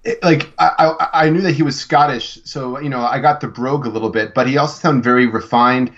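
A man's voice: mid-range voice, brisk, a bit bright. A man co-hosts a podcast in a loose, casual chat. He rambles and restarts his sentences often, and his voice comes through a little muffled. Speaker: podcast co-host.

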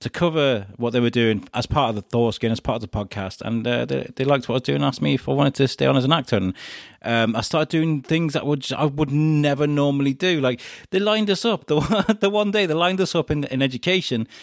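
Male podcast host as guest, mid-pitched, lively laughing storyteller, close dry mic. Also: brisk, creaky, no echo. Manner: animated, laughing storyteller with frequent restarts. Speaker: podcast host being interviewed. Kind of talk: casual storytelling chat.

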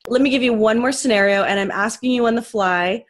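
A woman's voice: a little high, fairly quick. A woman hosting a parenting podcast, chatting casually and asking follow-up questions to check she understands. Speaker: podcast host. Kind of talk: podcast interview.

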